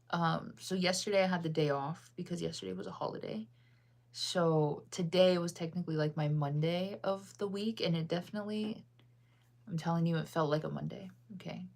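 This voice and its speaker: A woman in her thirties from the United States, rambling in casual chat on a livestream with lots of ums and laughs. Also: a little mellow. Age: 30s. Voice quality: deep-sounding voice. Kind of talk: casual chat, reading chat aloud.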